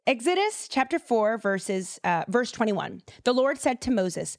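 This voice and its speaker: Young woman, podcast host, chatty Bible storytelling, lively pitch, dry close sound. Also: a little slow, few pauses, dry recording. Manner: animated, chatty, slangy.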